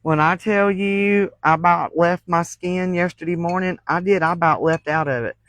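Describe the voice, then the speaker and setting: A woman who hosts a crafting channel tells folksy stories during a casual livestream, laughing often. Her voice is lowish and at normal speed, with no echo but a rough recording.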